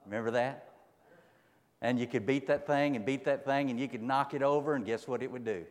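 A man's voice: medium pitch, steady tone, a little fast, in a large hall. A man preaching a folksy, emphatic sermon. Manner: folksy, emphatic, dramatic swings in loudness.

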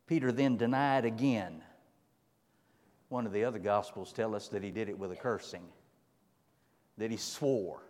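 Folksy preacher in echoing hall. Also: male voice, fairly low pitch, moderate pace, pauses often. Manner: folksy, emphatic, dramatic swings in loudness. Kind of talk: sermon.

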